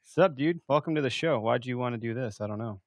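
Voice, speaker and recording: A man's voice: mid-range voice, quick pace, no echo. A man hosting a podcast, chatting casually and joking around with some swearing. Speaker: podcast host. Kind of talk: casual chat.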